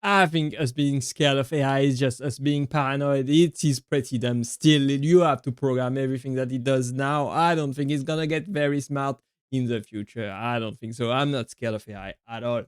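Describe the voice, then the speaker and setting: A man's voice: medium pitch, steady tone, moderate pace, hardly any pauses, clean tone, no room sound, studio quality. A man hosting a reaction video, commenting on comedy clips with enthusiastic, simple phrasing.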